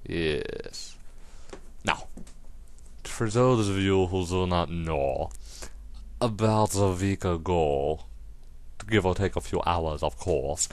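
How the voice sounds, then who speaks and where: Teen man, webcast host, comedic rant, lowish voice, very lively pitch, voice partly lost. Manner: silly and animated, goes off on tangents.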